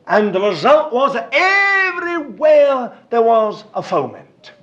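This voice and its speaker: A man's voice: very high-pitched, very animated, slow pace, a bit bright. A man preaching a sermon, emphatic and fond of repeating words for stress. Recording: dull lo-fi recording.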